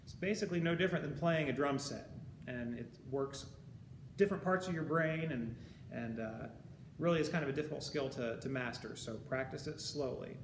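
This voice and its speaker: A male high school band teacher giving a recorded music lesson. He explains each step patiently and counts the beats out loud. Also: brisk. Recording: echoey room with steady background noise.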